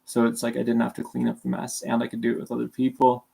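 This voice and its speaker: A man's voice: mid-range voice, completely flat delivery, fast talker, creaky, mellow, husky. A young man from Canada, chatting casually on a livestream, rambling and self-deprecating, with a sore throat and sounding sleepy. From Calgary, Canada. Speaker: streamer.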